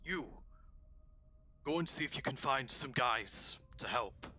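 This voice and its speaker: A man voicing a dutiful, wary male orc guard who talks in short, halting bursts. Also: medium pitch, animated, bright, forceful tone, slight background noise, pitched above the performer's own voice, full character voice. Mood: urgent. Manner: hesitant, halting speech with restarts.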